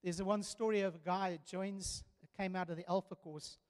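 Male pastor, high-pitched, earnest storyteller, long church reverb. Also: fairly even intonation, moderate pace, darkish tone. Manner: earnest storytelling preacher, rising to emphatic declarations. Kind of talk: sermon.

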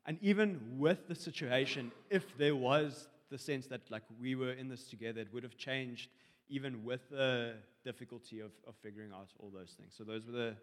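In a large church hall, a young congregation member gives a personal testimony, recounting a dream in a rambling, hesitant way full of fillers. His voice is mid-range and his pace moderate.

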